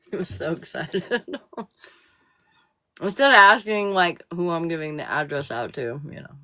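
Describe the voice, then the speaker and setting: A woman's voice: fairly low pitch, expressive, slow, long pauses, pushed and bright, dry recording. A woman chatting casually on a live stream, telling a profane, laugh-filled anecdote.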